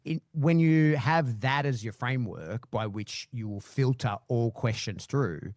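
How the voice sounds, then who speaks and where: A man's voice: medium pitch, measured pace, darkish tone, no room sound, clean studio sound. A man who trains dogs, a guest on a podcast, speaking frankly and thoughtfully, swearing freely and often restarting his sentences. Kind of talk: casual podcast conversation.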